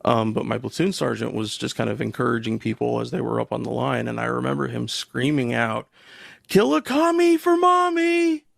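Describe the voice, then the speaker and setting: Gravelly man telling a wry army story. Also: medium pitch, level tone, brisk, few pauses, no echo, studio quality. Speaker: podcast co-host, Army veteran. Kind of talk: casual anecdote.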